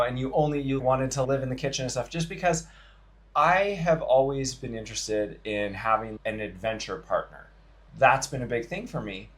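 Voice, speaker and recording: A middle-aged man co-hosting a podcast, speaking in a relaxed, conversational way with many fillers. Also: medium pitch, moderate pace. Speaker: podcast co-host. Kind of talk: casual chat.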